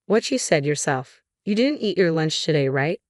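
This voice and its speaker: A stern elderly chairman scolds in a firm, reproving voice, as a woman reads him. The voice is low and dry, recorded close with no room sound. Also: expressive, moderate pace, dry recording. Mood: probing. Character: stern older male company chairman, grandfather.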